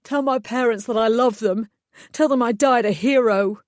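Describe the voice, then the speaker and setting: A woman's voice: normal speed, a little mellow, no room sound, clean studio sound, natural voice. A woman voicing a vain, panicky young male fairy who wails melodramatically. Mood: mournful. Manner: shrill melodramatic wailing.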